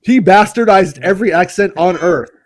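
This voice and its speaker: A man co-hosting a casual chat podcast, animated and profane, who slips into mocking voices. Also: high voice, moderate pace. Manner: animated, swears, mocks voices. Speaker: podcast co-host.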